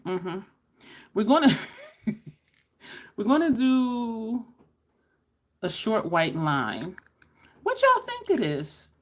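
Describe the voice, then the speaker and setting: Middle-aged woman, animated pitch, casual storyteller on a makeup vlog. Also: drawn-out words, long pauses. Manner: chatty, storytelling, addresses viewers as y'all. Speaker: beauty YouTuber. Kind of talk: casual makeup chat with stories.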